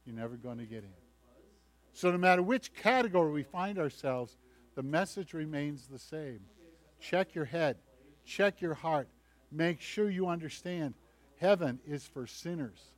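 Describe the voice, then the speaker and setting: A male pastor giving a conversational sermon, telling the story in a lively way with acted voices. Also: on the high side, a little slow. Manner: conversational, animated storytelling preacher who acts out voices.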